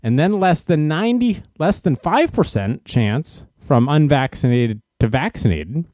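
A man giving casual opinion commentary in an animated, sarcastic way, laughing at his own jokes. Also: fairly high pitch, unhurried, no echo, clean studio sound. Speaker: commentary host.

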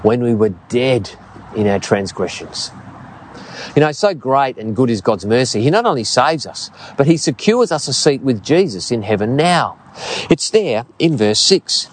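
Aussie preacher guy in his 50s, sermon with lots of stories, pitch jumps all over. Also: normal speed, a little hiss or hum. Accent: Australian. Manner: storytelling, earnest and expressive.

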